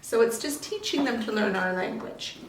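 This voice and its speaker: A woman breeder explaining puppy training calmly, switching to high sing-song praise for the puppies. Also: normal speed, far from the mic, background noise. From Canada. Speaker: dog breeder. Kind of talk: casual training demonstration. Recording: echoey room, voice off-mic.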